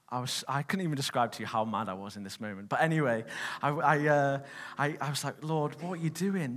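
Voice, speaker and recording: A young man delivers a sermon, moving from a casual personal story to emphatic declarations. His voice sits at an ordinary middle pitch. It rings with the long reverb of a large hall. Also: a bit bright. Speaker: preacher.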